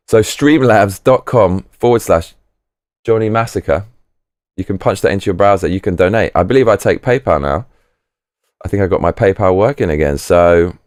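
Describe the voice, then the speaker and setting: Deep-voiced man ranting casually. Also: darkish tone, no echo, clean studio sound. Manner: rambling and profane, with many restarts. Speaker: livestream host. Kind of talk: casual live chat.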